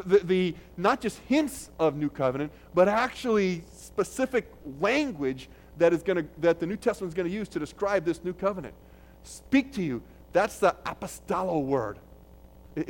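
A male pastor delivers a sermon in an easy, conversational way. His voice sits a little high for a man. He restarts phrases often and gets louder when he quotes a text. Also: expressive, normal speed. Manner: conversational preaching with restarts, loud when quoting.

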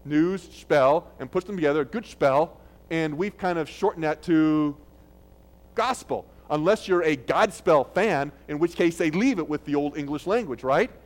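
A male pastor delivers a sermon in an easy, conversational way. His voice sits a little high for a man. He restarts phrases often and gets louder when he quotes a text. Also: unhurried. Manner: conversational preaching with restarts, loud when quoting.

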